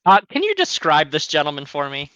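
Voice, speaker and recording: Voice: mid-range voice, wildly swooping pitch, fairly quick, a bit bright, dry recording, highs cut off. A player at a tabletop game, bantering with cocky challenges. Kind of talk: casual tabletop play.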